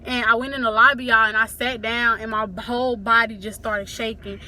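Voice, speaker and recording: Bright-voiced young woman telling a story. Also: a little high, little pitch movement, a little fast, slight background noise. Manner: talks straight to viewers, acts out quotes. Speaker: vlogger telling a family story. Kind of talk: casual storytime to camera.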